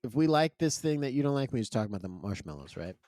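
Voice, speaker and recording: A man's voice: medium pitch, sing-song, rapid-fire, warm tone, no room sound, studio quality. A man co-hosting a podcast, chatting casually and laughing while recapping a cooking show. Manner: joking, laughs often, reads a recap aloud. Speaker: podcast co-host.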